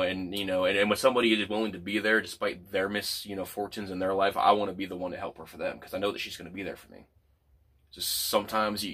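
A man's voice: low-pitched, pushed and bright, husky. A man chatting casually as a podcast guest, rambling and often stammering and repeating words. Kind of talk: casual chat.

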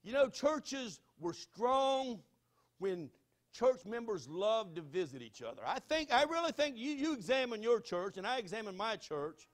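A high-voiced man with a Southern US accent preaches to his congregation. His delivery swings from hushed, earnest appeals to loud, passionate exhortation. He sounds middle-aged and speaks as a pastor. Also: big pitch swings, a little slow. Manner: fervent, swings from quiet pleading to shouting. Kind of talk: sermon. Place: church sanctuary.

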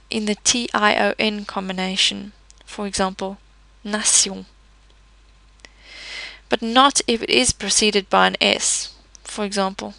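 A woman teaching a pronunciation lesson, explaining patiently with pauses, fillers and small self-corrections. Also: medium pitch, creaky, pushed and bright, no room sound, rough recording. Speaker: French teacher.

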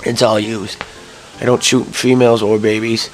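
A young man telling a rambling story to camera, early in the morning, swearing and jumping to high yelps when he gets excited. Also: moderate pace, faint music behind, rough recording. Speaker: vlogger.

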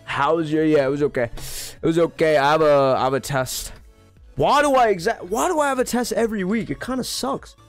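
A man live-streaming a game, reading viewers' chat aloud with quick, excitable reactions. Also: on the high side, soft background music.

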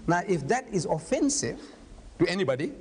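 Forceful older man debating in a hall. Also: sits high, very animated, fairly quick, husky. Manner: forceful, argumentative, rhetorical questions. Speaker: lecturer. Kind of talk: public lecture debate. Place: large lecture hall. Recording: long hall reverb, faint noise.

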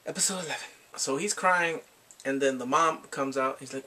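A man recapping a drama in casual chat, excitable, often laughing and sighing as he acts out the characters' lines. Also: mid-range voice, moderate pace, gravelly, breathy edge. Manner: excitable, quotes characters in lively voices, laughs and sighs often. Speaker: drama reviewer.

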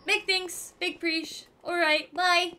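A woman streamer giving excitable, foul-mouthed commentary to her viewers while playing a game. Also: very high-pitched, slow pace, slight background noise. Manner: excitable, swears freely, talks to her viewers. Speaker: gaming streamer. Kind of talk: let's play commentary. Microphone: headset or desk mic.

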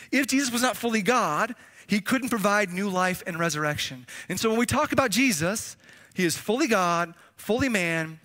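Guy preaching a sermon, high bright voice, chatty, gets the crowd to say stuff back. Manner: conversational preaching with audience call-and-response. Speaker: pastor.

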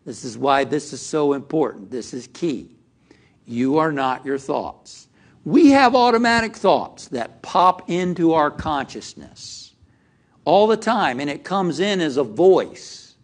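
A man's voice: fairly high pitch, sing-song, takes it slowly. A male minister giving a sermon to a live congregation, asking them direct questions as he speaks. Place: church hall with a live congregation.

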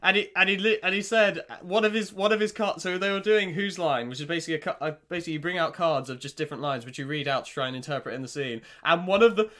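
A man's voice: on the high side, fast talker, hardly any pauses. A man hosting a reaction video, talking casually and emotionally, swearing and laughing often. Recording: talk over loud show music.

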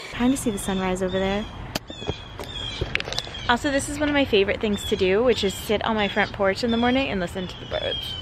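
A woman vlogging through her day, talking casually to the camera and now and then to her dog in a high sing-song voice. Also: brisk, noisy background. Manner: chatty, talks to her dog in a high baby voice. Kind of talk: casual vlog chat. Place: car, street and home porch, some outdoors.

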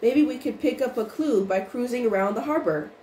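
A woman voicing a level-headed teenage boy detective who speaks in a steady, direct way, in a roomy recording with faint noise. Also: fairly high pitch, a little fast, lightly acted.

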